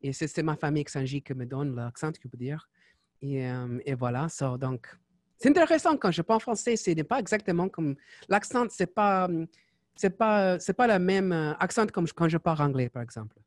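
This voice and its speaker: Talking fast with lively intonation, this podcast host has a slightly high voice and a chatty, digressive style that drifts into French on his casual chat show. The studio-quality audio has no echo.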